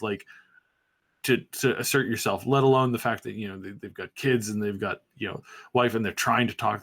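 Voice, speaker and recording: A man hosting a podcast, talking in a rambling, animated way with frequent restarts and fillers. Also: on the low side. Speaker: podcast host. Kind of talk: casual podcast commentary.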